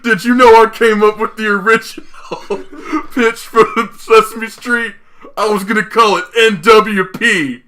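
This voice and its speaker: Young man, casual podcast chat, bright forceful voice, a little high, swears and laughs a lot. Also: fairly even intonation, measured pace. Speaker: podcast co-host.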